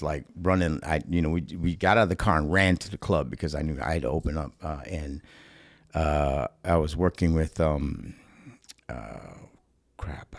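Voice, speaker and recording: A man's voice: extremely low pitch, no echo, clean studio sound. A middle-aged man from Chicago, a stand-up comedian, telling a story casually on a podcast, swearing freely and acting out what others said. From Chicago, USA. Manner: animated storyteller, acts out quotes, swears freely.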